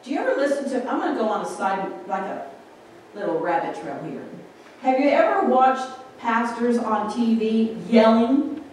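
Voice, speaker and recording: This preacher, a woman, chats through her sermon and often turns questions back to the congregation. She sounds a little high and a bit mellow, with a sing-song lilt at a moderate pace, recorded from afar in a very reverberant hall with faint background noise.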